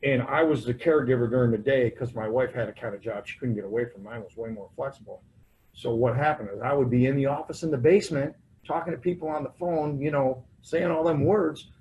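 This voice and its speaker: At a recovery convention in a convention hall, an American man shares his personal story in a loose, self-mocking way. His mid-range voice is brisk with a darkish tone, and the recording is muffled with slight background noise.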